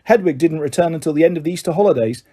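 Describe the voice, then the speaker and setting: A man reading a novel aloud as an audiobook narrator, in steady, measured storytelling. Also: on the high side. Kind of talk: scripted narration.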